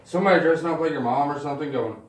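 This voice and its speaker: A man telling stand-up stories in an animated, swearing style, acting out the people in them. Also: fairly high pitch, very fast, reverberant, distant mic. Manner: animated, swears freely, acts out voices. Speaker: stand-up comedian. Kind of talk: stand-up storytelling.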